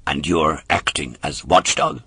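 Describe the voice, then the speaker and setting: A man voicing a sly, greedy male polecat who bargains in a low, coaxing voice. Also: unhurried, pushed and bright, slightly rough, no room sound, exaggerated voice.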